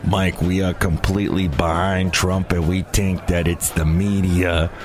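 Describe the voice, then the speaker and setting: A man voicing a deadpan male parking attendant who supports a politician, talking slowly and flatly. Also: deep voice, music in the background, pitched below the performer's own voice.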